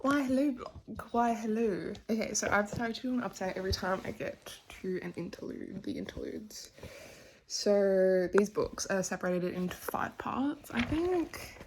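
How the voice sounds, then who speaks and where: A young woman talking in a casual reading vlog at home, recorded on a camera mic. She is chatty and gushing and often lets her voice slip down to a near whisper. Her pitch sits in the middle range. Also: moderate pace, a little mellow, slight background noise. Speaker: book vlogger.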